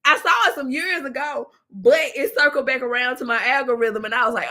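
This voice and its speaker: A woman's voice: on the high side, fairly quick, hardly any pauses, sharp tone. A woman hosting a casual livestream, talking straight to her viewers, laughing often and playful. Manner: uses y'all and baby, talks to viewers directly. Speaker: livestream host.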